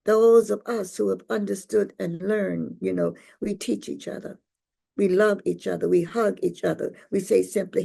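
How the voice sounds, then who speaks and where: A woman's voice: medium pitch, moderate pace, vocal fry, dark tone, slightly rough. An older woman poet, reading a poem and then telling stories in a rhythmic, playful way, acting out voices. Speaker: poet and speaker. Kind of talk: poetry reading and storytelling talk.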